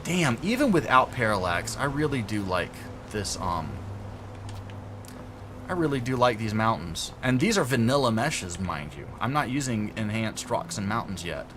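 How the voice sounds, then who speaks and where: A man's voice: fairly low pitch, big pitch swings, normal speed, noisy background. A young adult man chatting casually on a game stream, rambling through stories and laughing often. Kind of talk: casual gameplay stream chat.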